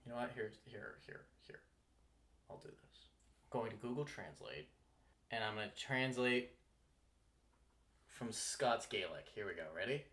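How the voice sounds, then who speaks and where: A man's voice: fairly low pitch, expressive, unhurried, long pauses, fairly bright tone. A man co-hosting a podcast, chatting casually, swearing freely and laughing often in exasperated banter. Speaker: podcast co-host.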